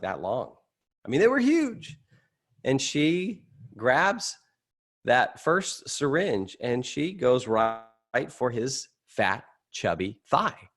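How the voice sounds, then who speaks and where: A middle-aged man teaching a session to an audience, telling a personal story in a lively, conversational way and jumping up in pitch at dramatic moments. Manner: animated storytelling, conversational, rising excitement at high points. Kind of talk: anecdotal teaching talk to an audience.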